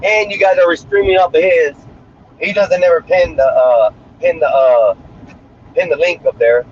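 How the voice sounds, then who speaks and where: Brash high-voiced man streaming from his car. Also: normal speed. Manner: brash, crude and rambling. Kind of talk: casual livestream chat while driving. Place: inside a moving car. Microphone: phone. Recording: muffled sound with faint road noise.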